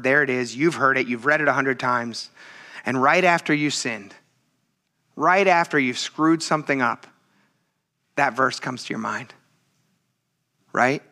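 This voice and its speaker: A pastor with a medium-pitched voice delivers a lively, conversational sermon. He frequently imitates the voices of people he's quoting.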